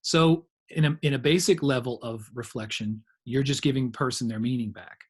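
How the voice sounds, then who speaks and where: Husky-voiced man teaching a training lecture. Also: mid-range voice, a little fast. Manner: conversational, explains with examples and asides.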